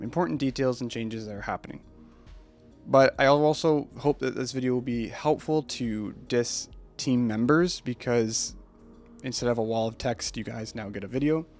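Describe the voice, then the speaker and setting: A young man with a congested cold, the founder of an esports team, giving an unedited, rambling announcement from his home streaming setup. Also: mid-range voice. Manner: rambling, relaxed, with fillers. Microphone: streaming mic.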